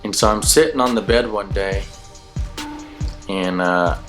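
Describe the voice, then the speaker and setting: A man with a fairly low voice recounts his life story in a loose, conversational way. He drifts from point to point and leans on casual fillers. Clear music plays underneath his voice. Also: unhurried. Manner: rambling, laid-back, many "you know" fillers. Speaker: channel host sharing his testimony. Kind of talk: casual personal testimony storytelling. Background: background music.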